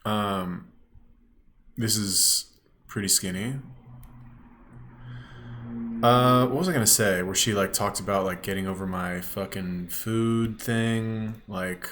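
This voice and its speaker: A man's voice: on the low side, steady tone, slow pace, pauses often, a bit bright. A man giving a ranting reaction commentary as a YouTube commentator, blunt, scornful and swearing often.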